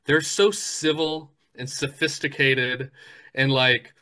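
A man co-hosting a casual podcast, telling stories in an animated way. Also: medium pitch, slow pace. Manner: animated storytelling, breaks into mock voices. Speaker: podcast co-host.

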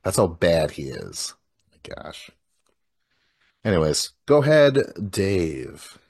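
Male co-host, lower register, blunt exasperated ranter, dry recording. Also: sing-song, slow, vocal fry, darkish tone, breathy edge, dry recording. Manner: blunt, exasperated ranting with swearing. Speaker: podcast co-host. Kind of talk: casual chat.

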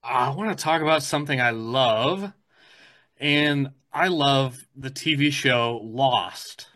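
Male co-host, bright tense timbre, earnest and eager. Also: mid-range voice, slow pace. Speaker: podcast co-host. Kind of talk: casual chat.

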